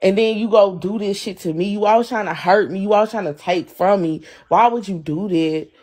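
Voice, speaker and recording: Young woman, livestream rant, mid-pitched, heated, profane, repetitive, answering chat. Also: fairly quick, darkish tone. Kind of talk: angry live-stream rant.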